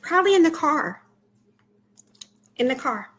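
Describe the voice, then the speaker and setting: A woman guest on a podcast, giving brief, soft-spoken answers over a video call. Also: sits high, very animated, unhurried, low-quality recording. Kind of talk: casual interview answers.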